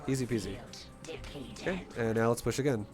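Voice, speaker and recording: A man giving casual, energetic commentary while he plays and teaches a strategy game, talking bluntly and swearing now and then. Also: medium pitch, fairly quick, over music. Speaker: gameplay coach.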